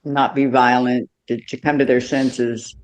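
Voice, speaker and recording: A woman's voice: very deep voice, level tone, measured pace, darkish tone. A woman co-hosting a casual political livestream, rambling and trailing off in the middle of her sentences. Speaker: livestream co-host.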